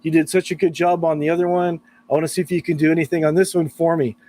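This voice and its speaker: A man's voice: on the high side, little pitch movement, fast talker, warm tone, natural voice. A man putting on the voice of an eager adult British man who is proudly showing off a guitar. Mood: excited.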